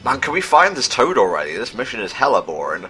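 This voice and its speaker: A man's voice: mid-range voice, very animated, fast talker, pushed and bright. A man co-hosting a game playthrough in casual commentary, dry and teasing with a pedantic streak. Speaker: let's play co-host. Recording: faint game music behind.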